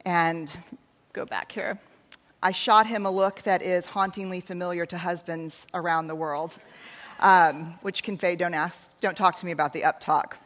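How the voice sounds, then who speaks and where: A woman in her forties with a Texan accent speaks in a fairly low voice, telling a story on stage to a crowd in a keynote talk. Her delivery is conversational and self-deprecating, and she acts out snippets of dialogue as she goes. The sound rings with the long reverb of a large hall. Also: fairly even intonation, normal speed, fairly bright tone. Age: 40s. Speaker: researcher and speaker.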